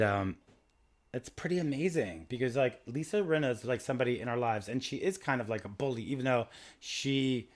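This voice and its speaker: A man hosting a podcast, chatting in a rambling, animated, gossipy way. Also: mid-range voice, reverberant. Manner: rambling, animated, full of impressions. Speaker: podcast host. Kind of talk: gossipy casual chat.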